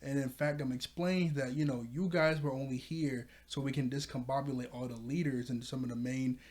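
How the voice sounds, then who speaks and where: A man's voice: medium pitch, steady tone, a little fast, darkish tone. A man casually recapping an anime episode, rambling with lots of fillers and frequent chuckles. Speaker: anime reviewer.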